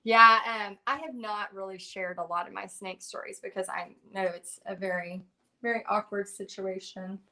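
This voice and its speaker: A middle-aged woman, telling a story in a chatty, animated way during a Facebook Live for her painting class, full of fillers and restarts. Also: medium pitch, normal speed. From Texas. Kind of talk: casual livestream storytelling.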